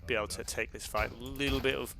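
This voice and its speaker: A man's voice: medium pitch, steady tone, quick pace, gravelly, over music. A man casting a live strategy game match, chatty and loose, restarting his sentences often. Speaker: game caster.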